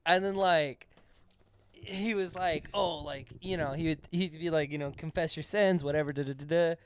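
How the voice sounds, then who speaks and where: A man's voice: a little high, moderate pace, slight background noise. Joking young man on a podcast. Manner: joking, swearing, loud impressions. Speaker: podcast co-host. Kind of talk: casual chat.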